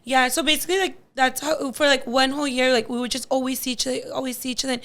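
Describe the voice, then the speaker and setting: A woman's voice: high-pitched, fairly even intonation, racing, fairly bright tone. A young woman in her twenties, a podcast guest telling a personal story in a chatty way, full of "like" and acted-out quotes. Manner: chatty, many likes, acts out quotes. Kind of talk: casual storytelling.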